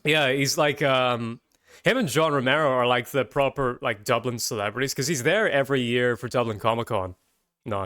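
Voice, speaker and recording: Male podcast host, chatty and rambling, bright voice, dry close sound. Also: medium pitch, no echo. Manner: rambling, chatty, quick tangents. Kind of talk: casual podcast chat.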